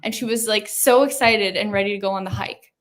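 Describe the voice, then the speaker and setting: A woman interviewing a guest in a relaxed chat, animated and laughing often. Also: medium pitch, a little fast. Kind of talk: casual conversation.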